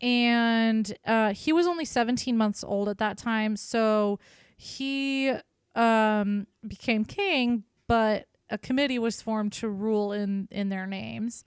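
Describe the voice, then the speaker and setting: A woman's voice: on the high side, slow, clear, resonant tone, dry recording, studio quality. A woman co-hosting a podcast, telling history in a casual, irreverent way and swearing freely. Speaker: podcast co-host.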